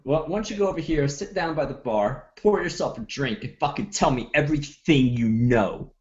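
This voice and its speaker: A man's voice: on the high side, lively intonation, moderate pace, darkish tone, highs cut off, natural voice. A man playing a cocky tough-guy gunman. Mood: menacing. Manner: cocky, profane threats. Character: swaggering tough-guy male gunman, menacing.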